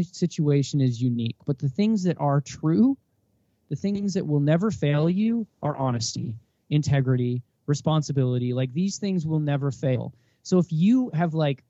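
A man in his thirties talks earnestly as an interview guest, acting out bits of dialogue as he goes. His voice sits a little high but has a dark, mellow tone. The sound is dry and a touch dull. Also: dry recording. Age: 30s. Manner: earnest, animated, acts out quoted dialogue. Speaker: podcast guest. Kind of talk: casual interview talk.

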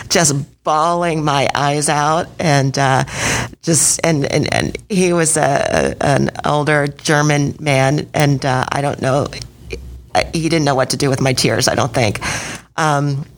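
A woman guest in an interview, candidly telling her career story in a halting way, with many fillers and repeated words. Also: low voice, gravelly.

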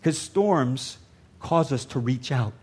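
A man's voice: mid-range voice, lively intonation, slow pace, breathy edge. An older man, a pastor, preaching a sermon earnestly and repeating lines for emphasis.

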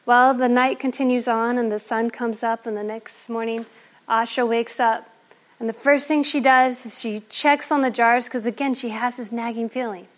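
A woman performing an oral folktale in a lively, playful way. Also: fairly high pitch, moderate pace. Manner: lively, animated, playful asides. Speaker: storyteller.

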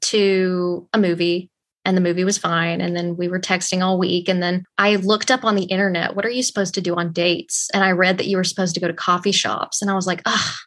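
A woman's voice: on the low side, fairly quick. Young woman telling her story animatedly. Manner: animated, acts out quoted dialogue. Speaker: guest. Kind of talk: personal storytelling in an interview.

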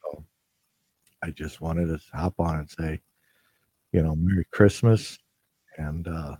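A man hosting his podcast, speaking haltingly with many fillers and restarts, emotional as he sends a holiday message to listeners. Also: a bass voice, steady tone, warm tone, breathy edge, no echo, poor audio. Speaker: podcast host.

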